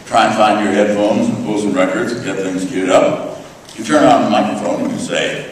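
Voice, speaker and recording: Older man, low voice, dry wit, campus lecture in an echoey hall, recorded from a distance. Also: moderate pace, slight background noise. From United States. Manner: wry storyteller, dry jokes, uh fillers. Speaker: guest speaker. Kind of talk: humorous lecture anecdotes.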